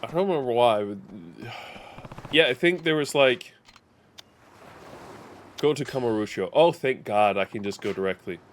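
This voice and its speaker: A man's voice: mid-range voice, expressive, moderate pace, slight background noise. A man streaming a game live, chatting casually and thinking aloud with plenty of fillers. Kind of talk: casual live gameplay commentary.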